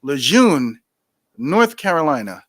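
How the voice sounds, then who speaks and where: A man guest on a podcast telling anecdotes in a casual, animated way, acting out quoted voices and laughing often. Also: fairly high pitch, slow, no room sound. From New York. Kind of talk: casual storytelling.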